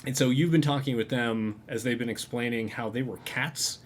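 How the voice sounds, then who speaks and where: A man's voice: mid-range voice, normal speed, a little hiss or hum. A man casually narrating as game master of a tabletop game, rambling with frequent fillers.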